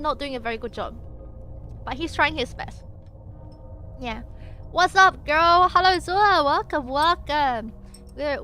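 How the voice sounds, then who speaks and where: Young female streamer, slightly high voice, giggly and playful, reads aloud and chats with viewers. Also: fairly bright tone. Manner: playful, giggly, jokey asides; chats with viewers between passages. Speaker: VTuber streamer. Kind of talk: casual stream chat and reading aloud.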